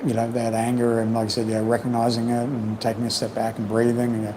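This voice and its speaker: A man hosting a casual livestream chat, rambling and reflective, full of "you know", his voice slightly croaky from long talking. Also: medium pitch, monotone, fast, background noise. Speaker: livestream host. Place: home in Cambodia.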